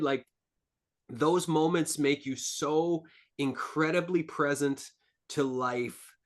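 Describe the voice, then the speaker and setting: A man speaking as an entrepreneur guest on a podcast, earnest and rambling, with lots of filler words. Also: fairly high pitch. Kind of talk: casual interview talk.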